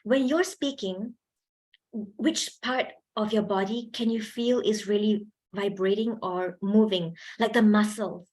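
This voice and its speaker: A young woman with a medium-pitched, slightly mellow voice speaks at a measured pace. She's running a chatty, lively public speaking workshop for students, asking them questions and laughing often.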